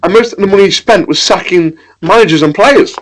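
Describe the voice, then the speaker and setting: A man's voice: high-pitched, low-quality recording. A man co-hosting a podcast, ranting about football in casual chat and swearing freely. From England. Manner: ranting, swears, quick and animated. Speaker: podcast co-host.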